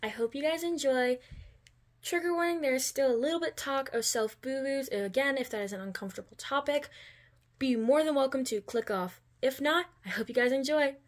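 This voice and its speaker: A woman's voice: high-pitched, a little fast. Woman reading a second-person fan story. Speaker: fanfiction reader.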